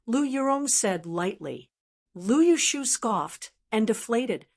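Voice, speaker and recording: A woman narrating an audiobook with a steady, even reading. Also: mid-range voice, slow pace. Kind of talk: scripted narration.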